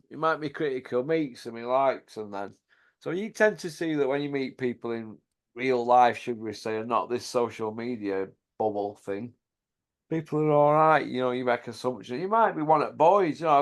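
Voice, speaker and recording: A man hosting a casual, jokey chat and mocking people in slangy banter. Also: medium pitch. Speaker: channel host. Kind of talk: casual banter about boxing.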